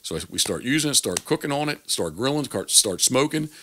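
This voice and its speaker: A fast-talking man in his forties tells stories from his guiding work in a casual interview. His voice is bright and forceful, and his pitch swings widely as he acts out what other people said. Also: a little hiss or hum. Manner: animated, acts out quoted dialogue with big pitch jumps. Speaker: waterfowl hunting guide, guest.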